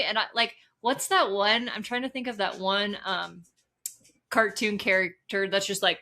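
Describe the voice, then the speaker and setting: A woman co-hosting a podcast in casual chat, animated and laughing, swearing freely as she tells stories. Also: mid-range voice, normal speed. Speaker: podcast co-host.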